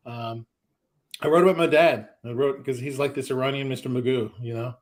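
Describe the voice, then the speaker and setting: A man's voice: medium pitch, a little fast. A man in his forties from the American South, a stand-up comedian telling stories in an interview and acting out the voices of people he quotes. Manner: animated storyteller, acts out quoted voices. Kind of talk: storytelling interview.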